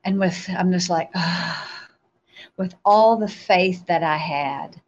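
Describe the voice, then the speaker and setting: A woman, a guest on a show, telling a spiritual testimony in an animated storytelling way, acting out her own replies. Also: on the low side, measured pace, lo-fi sound.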